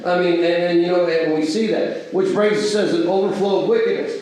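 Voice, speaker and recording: A man's voice: high voice, steady tone, fairly quick, a little mellow. Man, conversational church teacher, rhetorical questions, very echoey room. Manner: asks the audience rhetorical questions; acts out everyday quoted exchanges. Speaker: Bible class teacher. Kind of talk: conversational Bible class teaching. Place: church hall. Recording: echoey hall from far off.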